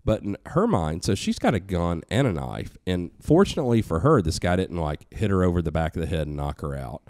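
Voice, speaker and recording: A middle-aged man telling a story in casual podcast chat, animated and profane, acting out the voices of the people in it. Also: deep voice, a little fast, dry recording, studio quality.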